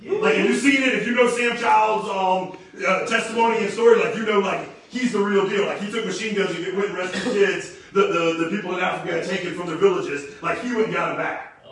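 A man preaches in a loose, animated sermon full of slang, stumbling over repeated words as he drives his points. His voice sits high. He is heard from a distance in a very echoey room. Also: a little fast, hardly any pauses. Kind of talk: casual energetic sermon.

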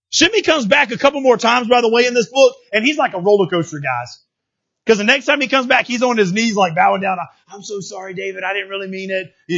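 High-voiced folksy male preacher. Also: slightly rough, highs cut off. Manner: folksy, emphatic preaching that swells to shouts. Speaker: pastor. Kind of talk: sermon.

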